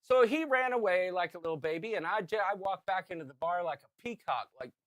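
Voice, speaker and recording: A man in his fifties co-hosting a podcast, telling a story in casual chat and shouting out the lines he quotes. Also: high-pitched, animated, fairly quick, no echo, studio quality. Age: 50s. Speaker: podcast co-host.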